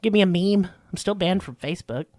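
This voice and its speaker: A woman's voice: fairly low pitch, a little fast, darkish tone, dry recording. A woman with a Southern drawl co-hosts a podcast in loose, casual chat. She jokes crudely and pokes fun at herself. The mic is close and dry, with no room sound. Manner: joking, crude, self-deprecating. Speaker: podcast co-host.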